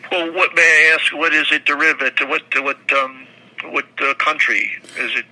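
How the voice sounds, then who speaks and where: An older man talks in long, rambling answers, stumbling over repeated words and restarting his sentences. His voice has a very bright, forward edge. It sounds like an unscripted interview. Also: on the high side, fairly even intonation, normal speed, rough recording. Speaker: guest.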